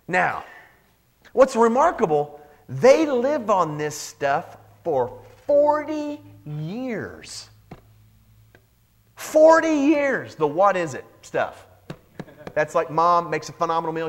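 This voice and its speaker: A male pastor preaching a lively sermon, joking and acting out the people in the Bible story. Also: high voice, moderate pace. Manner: animated, joking, acts out Bible characters.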